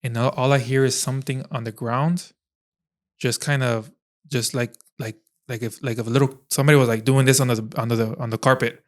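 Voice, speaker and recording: A man's voice: mid-range voice, fairly even intonation, fairly quick. A young adult man hosting a podcast, telling a long story in a rambling way, with lots of fillers and restarts. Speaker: podcast host. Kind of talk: casual chat.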